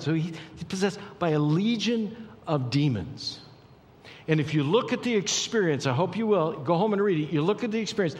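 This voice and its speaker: A man preaching a sermon as pastor, swinging between hushed, slow lines and loud, excited bursts. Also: a little high. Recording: long hall reverb.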